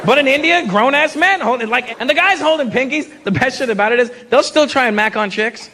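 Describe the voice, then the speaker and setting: Animated stand-up comic over a crowd. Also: male voice, very high-pitched, a little fast, hardly any pauses. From Canada. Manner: animated storytelling, profane, voices quotes. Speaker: stand-up comedian. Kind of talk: stand-up comedy. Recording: live show with loud crowd noise. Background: laughing crowd.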